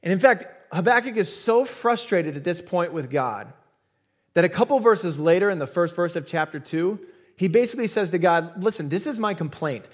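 A male pastor giving a sermon, retelling scripture in an animated, casual way. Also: sits high, moderate pace.

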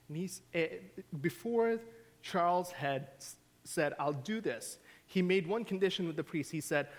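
A man preaching a sermon as pastor, telling stories and swinging from hushed, quiet lines to emphatic questions. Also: a little high. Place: church sanctuary.

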